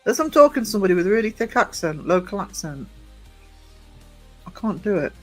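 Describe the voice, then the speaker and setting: A man with a high voice streaming live from the gym, chatty and teasing as he greets his viewers one by one. He sounds a bit worn out, laughs easily, and faint music plays behind him. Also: very animated, fairly quick, a bit bright. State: low on energy. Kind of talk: casual live-stream chat reading out viewer comments.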